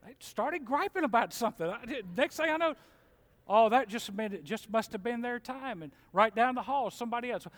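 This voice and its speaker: A middle-aged man preaching a sermon in a church, folksy and animated, mimicking grumblers. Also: very high-pitched, normal speed. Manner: animated, folksy, mocks complainers in mimicking voices. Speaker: pastor. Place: church sanctuary. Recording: long hall reverb.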